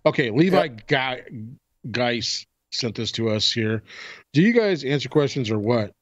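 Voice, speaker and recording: A man's voice: medium pitch, lively intonation, a little slow, fairly bright tone, lo-fi sound. A man co-hosting a podcast in casual chat, easygoing and rambling, often restarting his sentences. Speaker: podcast co-host.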